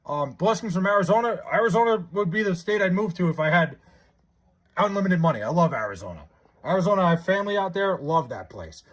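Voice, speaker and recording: Speaking fast in a high-pitched voice, a young man live-streams, chatting casually and reading viewer comments. He's excitable, stammering and restarting often.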